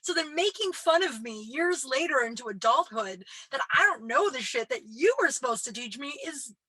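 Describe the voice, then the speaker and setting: Bright-voiced chatty woman telling stories. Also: high voice, big pitch swings, normal speed, slightly rough, no room sound. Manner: chatty, self-deprecating, heavy use of "like", swears casually. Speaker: podcast host and comedian. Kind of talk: casual storytelling monologue.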